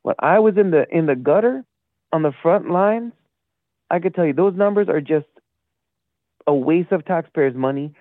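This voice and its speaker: A man's voice: a little high, animated, normal speed, pauses often, no echo. A man calling in to a talk show, rambling and indignant, losing his thread at times. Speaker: caller. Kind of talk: call-in rant. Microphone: phone call. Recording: tinny phone line.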